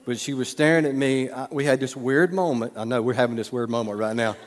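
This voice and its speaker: A man's voice: mid-range voice, steady tone, fast, a faint crowd. A man preaching as a pastor, telling a story in a casual sermon and teasing the congregation with questions. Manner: conversational, teasing the audience with questions. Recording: long reverb of a hall.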